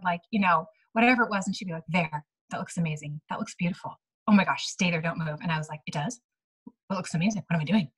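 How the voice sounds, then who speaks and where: A woman's voice: medium pitch, a bit bright, husky, rough recording. A woman in her thirties giving a chatty motivational talk to her team, full of "like" and "right?" and acted-out dialogue. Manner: chatty, lots of "like" and "right?", acts out quoted dialogue. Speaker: team leader speaking to her sales team.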